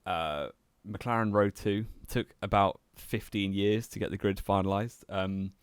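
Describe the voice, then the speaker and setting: A young man with a low, deep voice trades dry, teasing remarks in a casual podcast chat and laughs often. The sound is close and dry, with no room around it. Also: steady tone, a little slow, clean tone, no echo. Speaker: podcast co-host.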